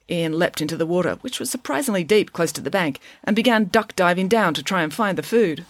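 A woman reading a children's chapter book aloud in an expressive storytelling voice, close to the microphone. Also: lowish voice, fairly quick, few pauses, no room sound. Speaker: audiobook reader.

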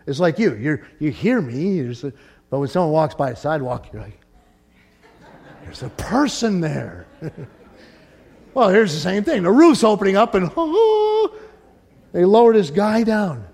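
Animated high-voiced male preacher. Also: unhurried. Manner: animated preaching, swings from hushed to shouting; storytelling with playful voiced asides. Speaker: pastor. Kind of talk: sermon.

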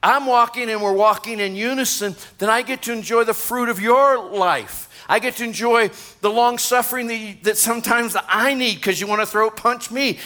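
A man preaching a lively sermon as pastor, excitable and joking with the congregation. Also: sits high. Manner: energetic, excitable, jokes with congregation.

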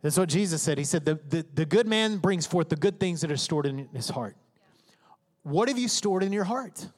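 Male pastor, high voice, emphatic conversational sermon delivery, acts out inner voices, big hall reverb. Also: animated, normal speed. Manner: emphatic preaching, acting out inner voices and prayers.

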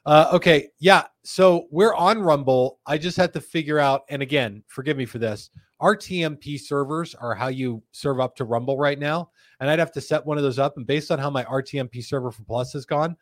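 A man's voice: a little high, dry recording, studio quality. A man hosting a live stream, chatting and reading out viewer comments. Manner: chatty, animated, fast and slow in turns. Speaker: show host.

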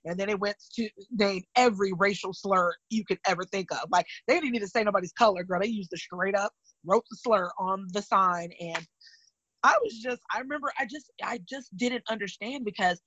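A woman's voice: medium pitch, fairly quick, no echo, highs cut off. A woman from California, in her thirties, telling personal stories candidly and animatedly in casual chat. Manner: candid, animated retelling with vivid asides.

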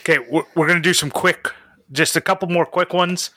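A young man co-hosting a casual podcast chat, reading out listener questions and joking with quick laughs. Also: on the high side, little pitch movement, pushed and bright, no room sound. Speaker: podcast co-host.

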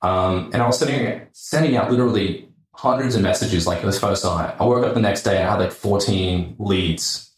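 An Australian man on a podcast tells his story in a casual, animated way. His voice sits low, and he throws in swear words and acts out other people's quotes as he goes. The room around him is echoey. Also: moderate pace. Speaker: podcast guest, entrepreneur.

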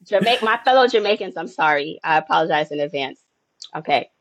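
A woman's voice: on the low side, lively intonation, quick pace, fairly bright tone, no echo, rough recording. A woman guest on a podcast interview, speaking casually and laughing easily. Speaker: guest, author and podcast host.

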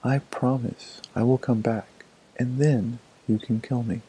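Gentle begging mother deer, as a man reads her. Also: mid-range voice, fairly even intonation, a little slow, slightly rough, poor audio. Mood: pleading. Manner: begging softly.

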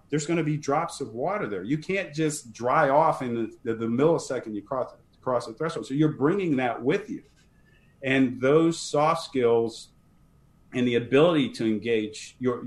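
A man guest on a podcast interview, talking earnestly and emphatically, often repeating words as he starts a sentence. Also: mid-range voice. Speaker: fire service leadership trainer, guest.

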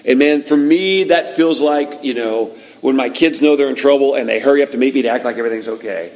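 A male pastor speaking in an everyday, chatty sermon voice at a middling pitch. He tells the story vividly, talking straight to his listeners as if across a table. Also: low-quality recording. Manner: conversational, animated storytelling that acts out the scene.

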